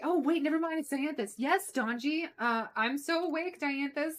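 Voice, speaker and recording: A woman's voice: high-pitched, normal speed, hardly any pauses, fairly bright tone. A woman giving casual, joking commentary while playing a video game and talking back to its characters. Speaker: let's play streamer.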